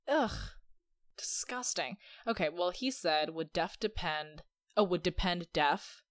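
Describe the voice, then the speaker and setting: A woman's voice: on the low side, expressive, measured pace, dry recording. A young woman hosting a podcast, telling stories in a chatty, sarcastic way. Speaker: podcast host. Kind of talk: casual chat.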